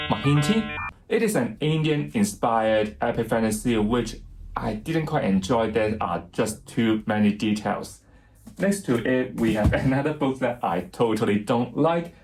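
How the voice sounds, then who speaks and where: A man giving a casual bookshelf tour as a book vlogger, chatty and self-deprecating, pausing now and then to recall titles. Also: lowish voice, a little mellow, low-quality recording. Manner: chatty, self-deprecating, laughs lightly at himself; pauses to recall titles and names.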